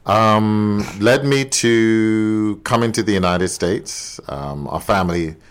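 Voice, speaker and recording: A man with a London accent speaks in a very deep, low register. He is a pastor who is a guest on a podcast, and he answers politely with measured replies. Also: smooth. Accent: London English. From England. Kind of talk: podcast interview.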